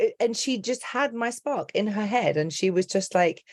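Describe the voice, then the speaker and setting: A woman who coaches accents, chatting as a podcast guest in a lively, laughing way that often breaks off mid-sentence. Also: mid-range voice, normal speed, few pauses, no echo. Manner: animated, laughing, self-interrupting storyteller. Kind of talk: casual interview chat.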